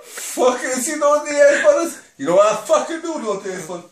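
A man voicing a menacing gangster boss, snarling, threatening and shouty. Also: very high voice, expressive, normal speed, distant mic. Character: menacing gangster boss, Tony Montana impression. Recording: echoey room with background noise.

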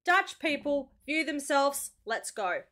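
A cheerful Australian woman with a high, bright-sounding voice talks through a reaction video. She keeps it casual and chatty and laughs easily between remarks. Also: very animated, slow. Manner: bubbly, chatty, laughs often.

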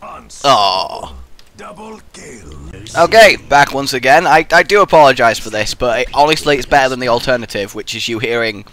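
A man's voice: medium pitch, animated, moderate pace, a bit bright. A man commentating a game in casual banter, teasing and laughing a lot, with a frog in his throat. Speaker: gaming commentator.

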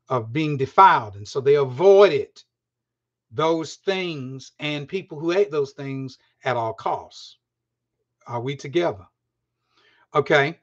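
A man's voice: medium pitch, dull audio. A man teaching a Bible study, talking in a conversational way, repeating phrases and often checking that his listeners are following.

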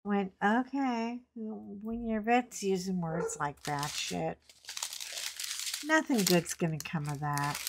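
A woman's voice: mid-range voice, expressive, slow, noisy background. Leisurely, chatty middle-aged woman storyteller. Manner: chatty storyteller, laughs often, colorful swearing. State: recovering from a cough. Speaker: craft channel host. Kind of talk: casual chat while painting. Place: home craft table.

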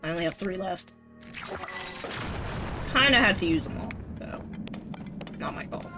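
Woman, game streamer, lively swooping pitch, slow drawn-out delivery, sarcastic, game music behind. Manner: dramatic, swearing, swings between mock panic and sarcasm. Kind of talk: casual gameplay commentary.

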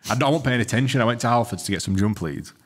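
Fast-talking man. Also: mid-range voice. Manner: fast, swearing, animated storyteller. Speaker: podcast host. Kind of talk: casual podcast chat.

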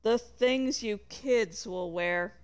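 A woman voicing a droning, fussy middle-aged male vice principal in a lowered voice, reading a book aloud. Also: slow pace, smooth, natural voice. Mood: amused.

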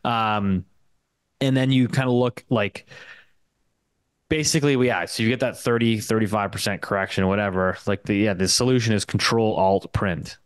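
A young man from Canada with a Canadian English accent, a guest talking casually in an interview, quick and full of fillers and restarts. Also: on the low side, fairly even intonation, smooth, dry recording. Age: young adult. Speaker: guest market commentator.

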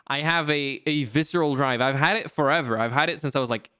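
A young man talks on a gaming livestream. His voice sits a little high and he sounds animated and self-mocking, with the odd curse. The sound is dry and close, with no room around it. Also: brisk, clean tone, no echo. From France. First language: French. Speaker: streamer. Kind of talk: casual livestream chat while gaming.

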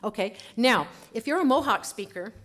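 A woman linguist giving a lively conference lecture, chatty, laughing often and saying "okay" a lot. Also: a little high, normal speed.

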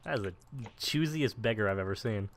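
A man's voice: on the low side, expressive, fairly quick, a little hiss or hum. A man chatting casually while gaming, dry and sarcastic. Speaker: gamer.

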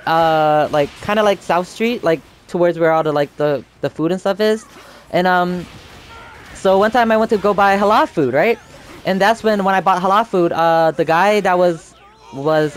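A man's voice: high-pitched, smooth. Rambling young man gaming and storytelling. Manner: chatty, meandering, bursts into excited yelps at the game. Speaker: gaming channel host. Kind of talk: rambling storytelling over gameplay.

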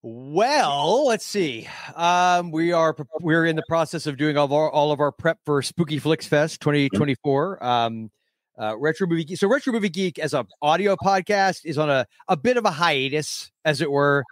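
A man's voice: on the high side, lively intonation, normal speed, no room sound. A man who is a guest on a podcast, chatting casually over a call in a rambling, stammering way with joking asides. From Central Florida. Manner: rambling, stammering, self-deprecating humor. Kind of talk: casual chat. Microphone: remote call.

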